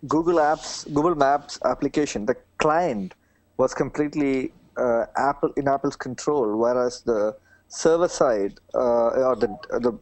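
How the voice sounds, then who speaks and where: A man's voice: mid-range voice, a little mellow, no echo. South Indian man in casual chat. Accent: South Indian English. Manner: rambling, hesitant, self-mocking.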